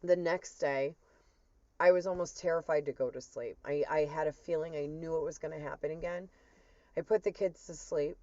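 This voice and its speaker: A woman's voice: low-pitched, fairly even intonation, moderate pace, mellow, no echo. A woman earnestly retelling a personal spiritual experience as a testimony, with emotion in her storytelling. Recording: dull, muffled dry recording.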